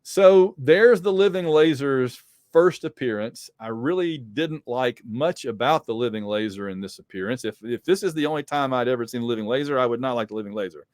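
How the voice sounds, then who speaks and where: A man's voice: medium pitch, expressive, a little fast, darkish tone, dry recording, clean studio sound. Chatty man reading comics aloud. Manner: chatty, wry asides, many fillers. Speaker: podcast host.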